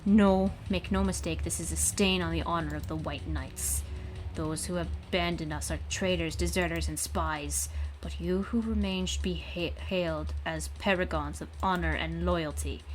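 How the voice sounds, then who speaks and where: A woman's voice: lowish voice, close to an everyday voice, rough recording. Brief: woman reading a proud knight commander, solemn and formal, faint music. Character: stern male knight leader, proud.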